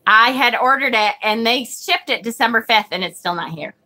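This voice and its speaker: With a highish voice, lively intonation and a moderate pace, she sounds bright and forceful. She hosts a tarot livestream, reading comments and chatting in a scattered, frequently sidetracked way, with casual swearing when irritated.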